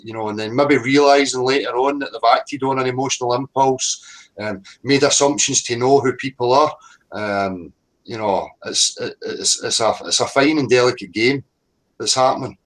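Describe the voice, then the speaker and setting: A man steering a tense online call tries to calm everyone down. He talks in long, rambling stretches full of fillers. His pitch sits in the middle. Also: moderate pace, poor audio. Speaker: call organiser and mediator. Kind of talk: heated online group call.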